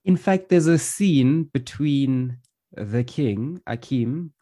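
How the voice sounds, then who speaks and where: A man's voice: mid-range voice, lively intonation, slow pace, mellow. A man from South Africa in casual conversation about a film, rambling through his points with frequent fillers. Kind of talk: casual chat, movie review.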